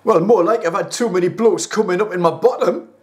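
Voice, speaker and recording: A man's voice: fairly quick, lightly acted. A man voicing a blunt, eager young Geordie addict in rehab, with a Geordie accent. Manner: eager and blunt, lively rises in pitch.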